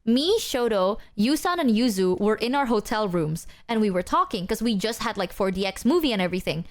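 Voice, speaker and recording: A woman's voice: mid-range voice, very animated, fairly quick. A woman from Southeast Asia telling a story to her stream chat in a casual, chatty way, full of "like" and acted-out quotes. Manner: chatty, fillers of "like", acts out quotes.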